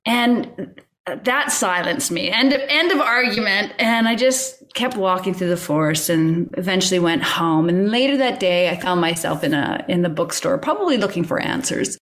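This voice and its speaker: A woman's voice: lowish voice, expressive, moderate pace, a bit bright. A middle-aged woman telling a personal story as a podcast guest, acting out her own inner dialogue and often laughing.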